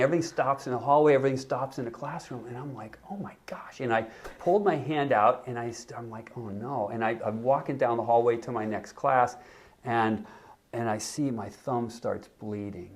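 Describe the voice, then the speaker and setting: A man in his sixties, a podcast guest, telling an animated anecdote in casual chat with frequent restarts. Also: mid-range voice, fairly quick. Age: 60s. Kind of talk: casual storytelling.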